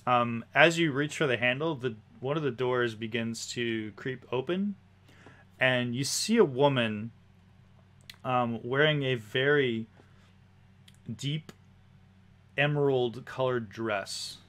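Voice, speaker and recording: A man's voice: medium pitch, takes it slowly, long pauses, fairly bright tone. Man narrating as game master. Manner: descriptive, hesitant fillers.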